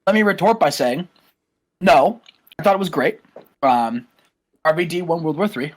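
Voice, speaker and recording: A man's voice: fairly high pitch, lively intonation, moderate pace. A man hosting a wrestling podcast with upbeat, playful banter in casual chat. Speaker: podcast host.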